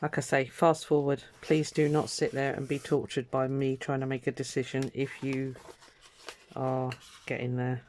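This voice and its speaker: A woman's voice: extremely low pitch, level tone, normal speed, darkish tone, slight background noise. A woman vlogging her crafting in casual, rambling chat, trailing off and restarting her thoughts with lots of ums. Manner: rambling, chatty, self-interrupting with ums.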